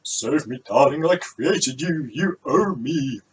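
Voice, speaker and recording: A man voicing a pompous middle-aged father who pleads loudly and slowly. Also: a little high, lively intonation, slight background noise, pitched above the performer's own voice, low-quality recording. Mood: pleading. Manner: loud, drawn-out pleading.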